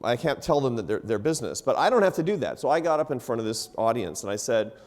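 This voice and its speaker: A man's voice: mid-range voice, big pitch swings, quick pace, a little mellow. A middle-aged man from the United States telling a story on stage to a live audience, with laughs and self-deprecating asides. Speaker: panelist. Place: event hall before a live audience.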